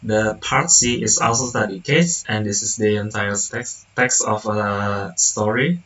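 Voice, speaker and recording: A young man, a student whose first language is Indonesian, reading a class presentation haltingly, with restarts and self-corrections. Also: fairly low pitch, fairly bright tone, far from the mic, poor audio. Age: young adult.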